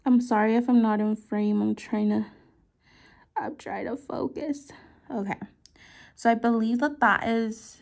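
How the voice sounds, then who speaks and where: A young woman talking softly through her nail art work, often trailing into whispers as she concentrates. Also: a little high, gravelly. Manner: slow, soft-spoken, often trailing into whispers while concentrating. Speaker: nail artist vlogger. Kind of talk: casual work-along narration.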